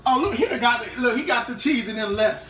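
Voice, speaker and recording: High-voiced chatty man cooking on a live stream. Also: quick pace, bright, forceful tone, slight background noise. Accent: Eastern Shore Maryland. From Eastern Shore of Maryland, USA. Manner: chatty, greets and thanks viewers by name while cooking. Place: home kitchen.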